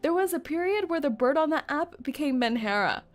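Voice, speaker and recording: Giggly high-voiced woman streamer. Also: expressive, brisk. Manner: giggly, playful, keeps stumbling over a mock British accent. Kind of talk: reading a game story aloud and chatting with chat.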